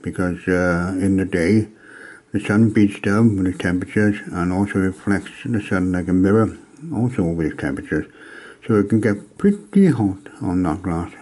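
A man from Wales casually reviewing an old tabletop game module, pausing often with ums and uhs as he gathers his thoughts. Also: low voice, mellow. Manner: hesitant, many ums and uhs.

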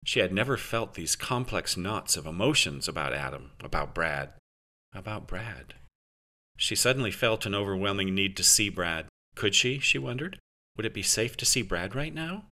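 Bright-voiced male audiobook narrator. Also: on the low side, expressive, moderate pace. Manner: dry, satirical delivery. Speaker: author and narrator.

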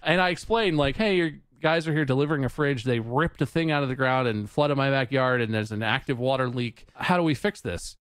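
A man in his thirties, a podcast co-host, telling a story in a casual, animated and exasperated way, swearing freely and acting out other people's lines. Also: fairly high pitch, no echo, studio quality.

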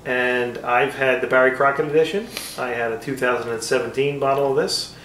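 A man's voice: medium pitch, fairly even intonation, a little fast, fairly bright tone, roomy sound, distant mic, a little hiss or hum, poor audio. A man reviewing whiskey in casual chat, rambling and self-deprecating with frequent fillers.

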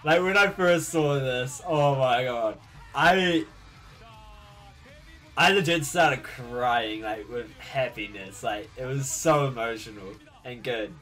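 A man reacting to a show on his channel in casual talk, excitable and gushing, often breaking into laughter. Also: mid-range voice, slow, soft background music.

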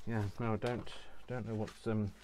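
Male craft vlogger, very deep voice, chatty and self-mocking. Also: little pitch movement, moderate pace, darkish tone. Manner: rambling, self-deprecating asides. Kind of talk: casual chat while crafting.

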